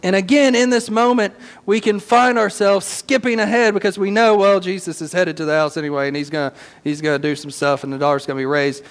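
A male pastor preaching a sermon as animated storytelling with casual slang. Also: high voice, fast talker, in a large hall.

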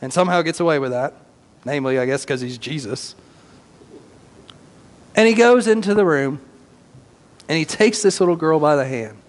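A male pastor preaching a sermon as animated storytelling with casual slang. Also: on the high side, normal speed, pauses often, in a large hall.

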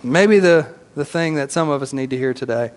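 A male pastor preaching a sermon as animated storytelling with casual slang. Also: medium pitch, fairly quick, in a large hall.

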